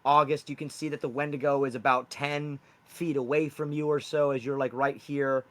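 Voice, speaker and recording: A man's voice: mid-range voice, level tone, moderate pace, a bit bright. A young man running a tabletop game as game master, explaining loosely and rambling with fillers.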